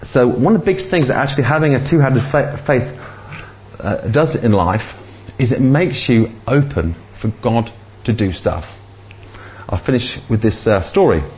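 Older preacher, halting storyteller, mid pitch, slightly dull recording. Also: male voice, expressive, a little hiss or hum. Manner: halting, many fillers and restarts. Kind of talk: sermon with storytelling.

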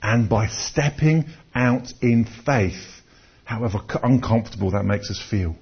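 A man's voice: lowish voice, unhurried, husky. A man preaching a conversational sermon, telling personal stories and often restarting his words. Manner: conversational, storytelling, repeats words when restarting. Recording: dull lo-fi recording.

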